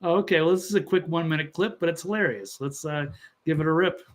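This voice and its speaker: Male co-host, casual chat, laid-back, slightly high voice. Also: quick pace.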